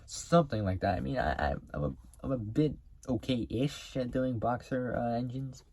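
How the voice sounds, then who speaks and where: A man's voice: medium pitch, moderate pace, darkish tone. A man hosting a car video, talking casually to camera in a rambling way, full of fillers and restarts.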